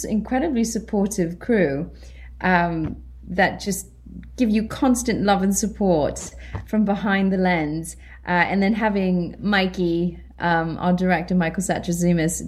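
A British woman, an actress, chatting in an interview, animated and laughing often as she acts out her own reactions. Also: mid-range voice. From Britain. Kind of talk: casual interview chat.

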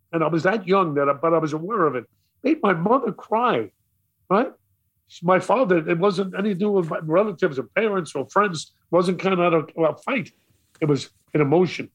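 An older man from Brooklyn with a New York accent, telling stories as an interview guest in a theatrical, animated way. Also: on the high side. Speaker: radio DJ guest. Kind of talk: storytelling interview.

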